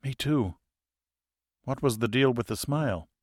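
A calm, capable young woman researcher speaks low and hushed, voiced by a man reading a novel. The sound is dry and close-miked. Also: a little slow, no room sound, lightly acted.

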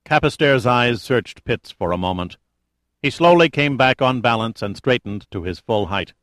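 A man's voice: mid-range voice, expressive, normal speed, a bit bright, no room sound. Man narrating a thriller audiobook. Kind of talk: scripted narration.

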